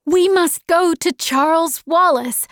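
A woman's voice: very high voice, slow, a bit bright, dry recording, studio quality, voice pushed up, exaggerated voice. A woman voicing an anxious young girl pleading with urgency in an audiobook. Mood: urgent. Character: anxious, stubborn young girl desperate for her father.

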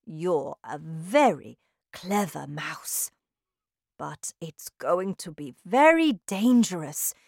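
A woman voicing a kind, protective elderly grandmother, speaking slowly and gently. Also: lowish voice, lively intonation, creaky, no room sound, clean studio sound, exaggerated voice. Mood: gentle.

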